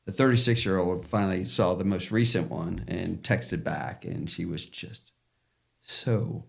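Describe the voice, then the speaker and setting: A man in his sixties hosting a podcast, talking in a heartfelt, halting casual chat. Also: sits low, fairly even intonation, creaky. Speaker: podcast host.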